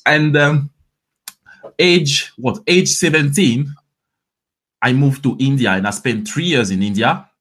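A fitness coach in his thirties from Ivory Coast answers interview questions in a friendly way, speaking with a French accent. His voice is medium-pitched and fairly bright, and he talks slowly with long pauses. He often restarts, repeating words as he begins sentences.

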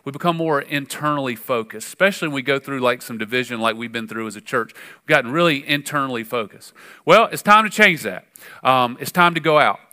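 Animated pastor preaching. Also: male voice, mid-range voice, brisk. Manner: conversational and animated, with frequent fillers and sudden emphatic rises. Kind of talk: sermon.

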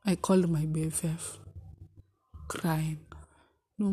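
A young woman with a Kenyan accent tells a personal heartbreak story, swinging between loud exclamations and hushed asides and slipping in Swahili. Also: lowish voice, husky. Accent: Kenyan English. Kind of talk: emotional storytime vlog.

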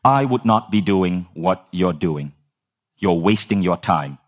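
A man imitating a composed older male mentor who speaks in a slow, grave, deliberate way. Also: low voice, voice pushed down.

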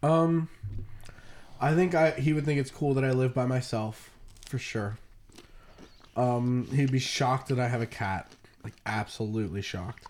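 A man's voice: mid-range voice, unhurried, long pauses, a little mellow. A man in his twenties chatting casually on a podcast, often hesitating with "um" and swearing offhandedly. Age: 20s. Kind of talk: casual chat.

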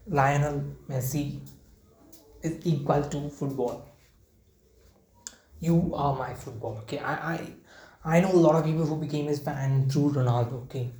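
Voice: medium pitch, dark tone. A young adult football fan talking in an unscripted vlog, rambling, repeating words and near tears. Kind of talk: emotional unscripted vlog talk. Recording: roomy echo with faint ambient noise.

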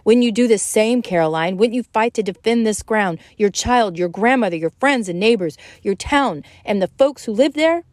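A woman's voice: mid-range voice, lively intonation, normal speed, few pauses, a little mellow, no echo, studio quality, natural voice. A woman reading aloud as a principled Union army captain, firm and earnest.

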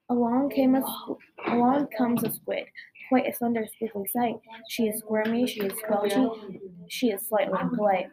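A woman's voice: a little high, fairly even intonation, normal speed, low-quality recording. A woman reading a rhyming children's picture book aloud in a sing-song way. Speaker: storybook reader. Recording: chattering crowd behind.

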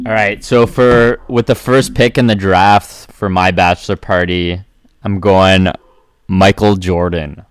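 A young man with a very low, smooth and resonant voice co-hosts a sports podcast. He cracks wisecracks and teases his friends. The sound is close and dry, with no room echo. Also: fairly even intonation, measured pace. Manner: teasing, wisecracking, runs the draft. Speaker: podcast co-host. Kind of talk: casual sports podcast chat.

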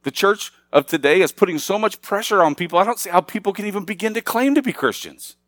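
A man's voice: high voice, lively intonation, fast talker, fairly bright tone, no room sound. A middle-aged man preaching a sermon as pastor, talking casually with the congregation and rising to emphatic, raised passages.

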